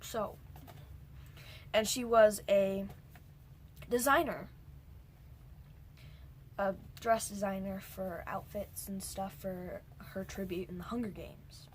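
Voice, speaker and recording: A woman's voice: medium pitch, steady tone, slow pace, pauses often. Young woman, casual film recap, rambling, whispered asides, faint hiss behind. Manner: rambling, jumps between points, drops into whispered asides. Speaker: movie reviewer. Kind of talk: casual movie recap vlog.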